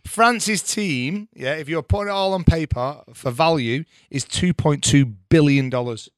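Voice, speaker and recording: A man's voice: fairly high pitch, measured pace, no room sound. An Australian man co-hosting a podcast, chatting about sport in an easygoing way. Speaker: podcast co-host. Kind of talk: casual sports chat.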